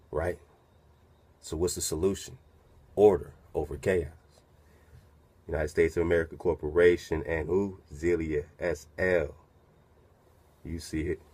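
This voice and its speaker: A man's voice: sits low, slightly rough. A man reading a document aloud and commenting on it in a casual way, asking himself rhetorical questions as he goes. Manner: muses aloud, asks rhetorical questions, reads slowly then comments.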